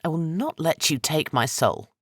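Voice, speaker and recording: A man's voice: fairly high pitch, lively intonation, moderate pace, a bit bright, slightly rough, dry recording, clean studio sound, pitched above the performer's own voice. A man voicing a frightened, defiant young Roman noblewoman in a raised, tense voice for an audiobook.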